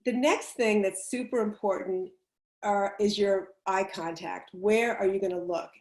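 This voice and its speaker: A woman's voice: medium pitch, fairly even intonation, measured pace, darkish tone. A woman public speaking coach giving chatty, emphatic advice on a video call, laughing easily as she explains. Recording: roomy echo on a video call.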